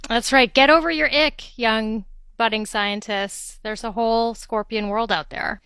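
A woman's voice: fairly high pitch, steady tone, unhurried, a bit bright, clear, resonant tone, no room sound. A woman hosting a public radio science talk show in an upbeat, playful way.

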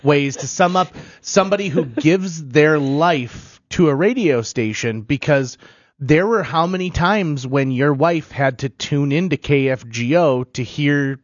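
A man's voice: a little high, unhurried, no echo, lo-fi sound. A man co-hosting a radio show, chatty and enthusiastic with stumbling restarts. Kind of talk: casual radio conversation.

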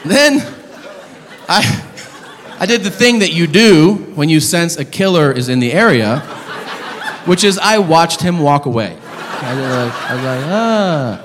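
In an echoey live club full of long reverb, room noise, and a laughing crowd, a comedian with a somewhat high voice works through a stand-up set. He swears a lot and acts out shouted characters in his story, delivering it expressively and unhurriedly with long pauses.

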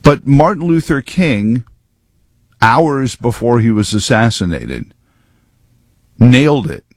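A man's voice: medium pitch, sing-song, takes it slowly, a little mellow, dry recording. A man giving rambling, sarcastic political commentary full of wordplay.

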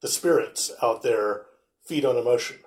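A man joins a casual chat, talking quickly with a skeptical tone. His voice is mid-pitched and sounds roomy.

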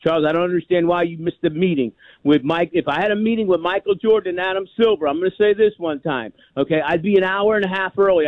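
A man's voice: a little high, no echo. A man in his sixties from New York, calling in to a sports radio show and rambling emphatically, with many repeats. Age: 60s. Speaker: caller. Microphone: telephone. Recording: tinny phone line.

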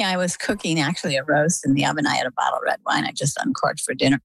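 Low gravelly older woman telling a story. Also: fast talker, no echo, rough recording. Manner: animated anecdotal telling with quoted dialogue. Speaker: interview guest. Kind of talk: conversational storytelling. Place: lives on the coast of Maine.

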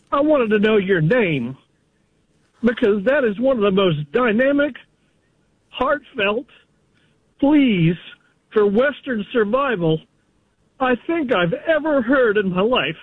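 A man from Florida calls in to a radio show over a thin, tinny phone line. His voice is high for a man, very dry, and he speaks haltingly, full of fillers and restarts. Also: slightly rough, dry recording. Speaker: radio caller.

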